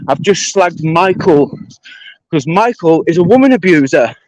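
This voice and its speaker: A man's voice: a little high, animated, unhurried, no echo, low-quality recording. A British man ranting on a livestream, confrontational and swearing heavily. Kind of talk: angry livestream rant.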